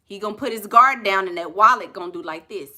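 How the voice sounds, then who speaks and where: Woman, New Orleans accent, sassy and blunt, bright forceful voice, casual advice talk. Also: medium pitch, fast. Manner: sassy, blunt, colloquial, animated asides. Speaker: relationship coach.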